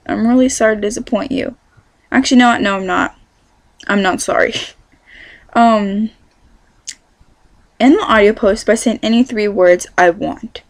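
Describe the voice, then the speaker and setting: A chatty teenage vlogger from California talks casually to camera in her bedroom, rambling from thought to thought with lots of fillers and self-corrections. Her mid-range voice is fairly quick with fairly even intonation and a Californian accent. The sound is close and dry, with no room sound.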